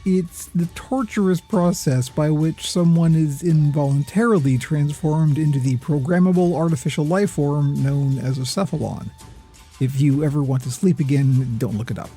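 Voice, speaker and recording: Mellow, lofty-sounding man narrating. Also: fairly high pitch, husky, faint music behind. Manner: measured, lofty, a little pretentious. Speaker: gaming video host. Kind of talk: scripted philosophical narration.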